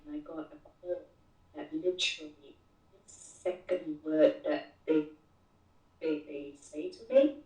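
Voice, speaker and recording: A woman's voice: low-pitched, slow. Woman telling a story, far from the mic. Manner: animated, repeats words when starting sentences. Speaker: interview guest. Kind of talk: casual storytelling interview. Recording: roomy echo, distant mic.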